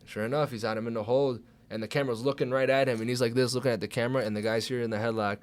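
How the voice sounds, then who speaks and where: Young man, podcast guest, casual chat, swears a lot, acts out his thoughts, animated storyteller. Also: medium pitch, racing. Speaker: podcast guest, pro wrestler.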